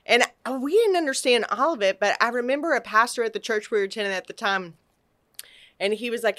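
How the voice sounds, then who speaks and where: A middle-aged woman from Texas telling an animated personal story on a podcast, acting out quotes and restarting her sentences. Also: fairly high pitch, fast talker. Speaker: podcast guest. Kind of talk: casual storytelling.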